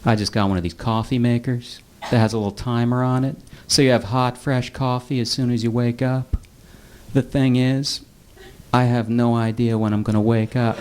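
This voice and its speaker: Deadpan male stand-up comic, dry delivery. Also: mid-range voice, noisy background. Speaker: stand-up comedian. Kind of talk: stand-up comedy set. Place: comedy club stage before a live audience.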